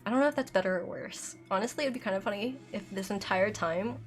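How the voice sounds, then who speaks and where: A woman's voice: mid-range voice, fast talker. A woman chats loosely over a live gameplay stream, rambling and reacting to chat as she plays. Her throat is dry from being sick, and her dental aligners leave a slight lisp. Faint music sits under her voice. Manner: chatty, rambling, reads chat aloud.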